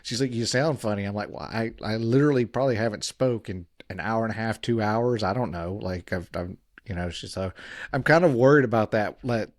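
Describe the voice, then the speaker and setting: A man's voice: on the low side, brisk, dry recording, clean studio sound. Rambling, self-mocking man podcaster. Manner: rambling, self-deprecating, restarts often. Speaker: podcast co-host. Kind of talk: casual podcast chat. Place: home studio at a mic stand.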